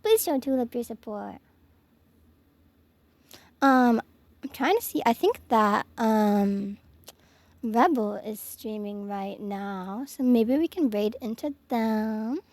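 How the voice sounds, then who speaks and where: Young woman streamer, high voice, giggly and gushing, dry close mic. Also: takes it slowly, long pauses, darkish tone, dry recording. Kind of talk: casual stream sign-off chat. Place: home office.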